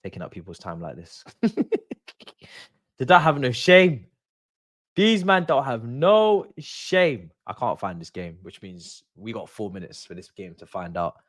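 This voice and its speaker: A young man is hosting a live football watchalong. He rants in exasperation to his viewers, his pitch jumping high and dropping low. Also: unhurried. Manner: exasperated, animated ranting with laughs. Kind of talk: casual live-stream rant.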